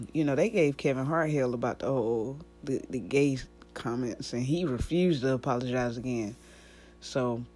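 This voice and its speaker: A woman hosting a casual podcast chat, animated and slangy, laughing often. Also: very deep voice. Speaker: podcast host and musician.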